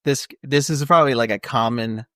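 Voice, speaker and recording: A man with an ordinary mid-range voice chats casually about a film, getting animated and laughing as he recaps scenes. The recording is dry and close-miked. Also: medium pitch, a little fast, no room sound. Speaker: podcast co-host. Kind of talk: casual movie review chat.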